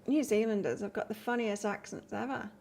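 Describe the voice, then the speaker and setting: A woman's voice: mid-range voice, steady tone, a little fast, creaky, darkish tone. A woman from England doing a live tarot reading, chatting casually and reading out cards while answering viewer comments. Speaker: tarot reader.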